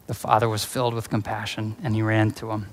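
A man's voice: fairly low pitch, little pitch movement, fairly quick. A man preaching a sermon in an earnest, conversational way, weaving in personal stories. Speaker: pastor. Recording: reverberant hall.

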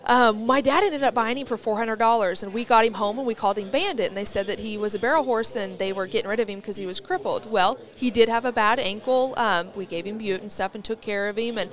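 A woman's voice: fairly high pitch, fast talker, few pauses. Chatty woman hosting a podcast. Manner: chatty, storytelling, enthusiastic. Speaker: podcast host. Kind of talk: casual interview chat. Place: rodeo arena event.

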